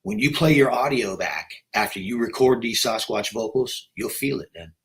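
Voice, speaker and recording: A man's voice: mid-range voice, lively intonation, moderate pace, a bit bright, rough recording. A male researcher explaining things in casual chat, using fillers like "you know" and "like". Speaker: co-researcher guest.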